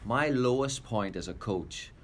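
A man hosting a coaching podcast, speaking in a measured, reflective way as he tells stories. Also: mid-range voice, lively intonation, a little hiss or hum. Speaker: podcast host, soccer coach. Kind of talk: podcast chat and storytelling.

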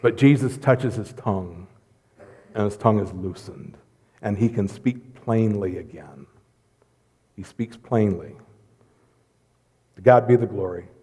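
A middle-aged man preaching a lively, joking sermon in church, swinging between loud bursts and hushed asides. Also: lowish voice, a little slow, pauses often, slightly rough. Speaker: pastor. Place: church sanctuary. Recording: long hall reverb.

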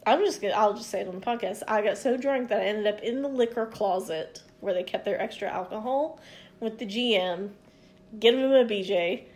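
A woman telling a story on a podcast in a lively, profane way, acting out what people said. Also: mid-range voice, a little fast. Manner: animated, profane storyteller who acts out quotes. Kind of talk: casual podcast chat.

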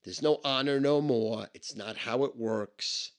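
A man's voice: medium pitch, unhurried. A man telling a personal story in a blunt, emphatic and heavily profane way. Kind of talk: casual spoken anecdote.

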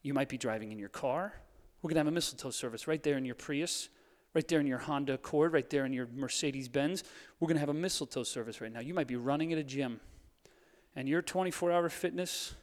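A man preaching a sermon, moving between quiet hushed lines and fired-up urging, with a playful streak. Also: mid-range voice, fast. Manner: playful, laughs at his own jokes. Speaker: pastor. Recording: long hall reverb.

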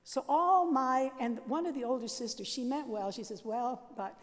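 An older woman, a Catholic nun, telling her life story in a lively, laughing way and acting out the sounds and voices in it. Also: high voice, moderate pace, long reverb tail. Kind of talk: animated personal storytelling.

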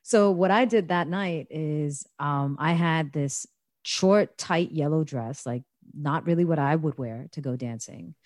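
A woman's voice: low voice, unhurried, no echo, clean studio sound. A woman from the United States telling a funny party story in casual chat, laughing and acting out the people she quotes. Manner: animated, laughing, acts out quoted voices.

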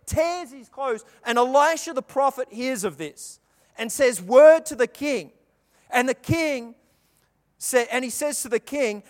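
A man preaching a sermon, telling the story with animated delivery and acting out the characters' lines. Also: very high-pitched, unhurried. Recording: long reverb of a large hall.

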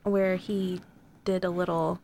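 A woman co-hosting a podcast, chatting easily and chiming in with quick remarks. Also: lowish voice, level tone, dark tone, slight background noise. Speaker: podcast co-host. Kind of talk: casual chat.

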